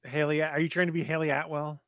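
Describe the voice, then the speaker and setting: Slightly high-voiced man with wry remarks. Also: little pitch movement, quick pace, fairly bright tone, dry recording, studio quality. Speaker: podcast co-host. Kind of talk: casual chat.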